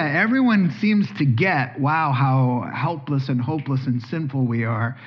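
A man preaching a sermon, telling the story in a lively way and acting out the dialogue. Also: medium pitch, measured pace, few pauses. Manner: animated storytelling, acts out dialogue. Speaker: pastor. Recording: dull lo-fi sound.

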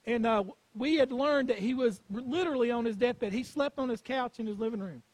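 High-voiced man preaching emphatically. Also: fairly quick, dry recording, poor audio. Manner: emphatic preaching with repeated phrases and storytelling. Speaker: pastor. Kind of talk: sermon.

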